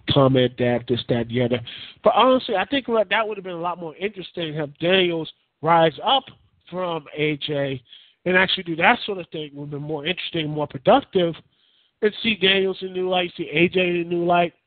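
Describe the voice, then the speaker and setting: A man's voice: on the high side, brisk, no echo. A man hosting his own podcast, giving casual, rambling, opinionated commentary that keeps circling back on his points. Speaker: podcast host. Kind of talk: casual solo wrestling commentary. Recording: dry, tinny phone-like line.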